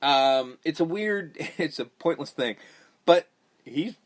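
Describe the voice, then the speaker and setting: Man, podcast host, lively pitch, casual profane movie recap, quick character impressions. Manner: animated, profane, mimics characters mid-story.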